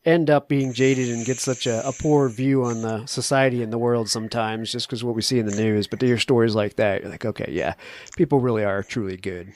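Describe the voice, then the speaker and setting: A man's voice: mid-range voice, steady tone, a little fast, hardly any pauses, darkish tone. A man hosting a podcast, chatting in a friendly way and laughing along with his guest. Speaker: podcast host. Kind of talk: casual interview chat.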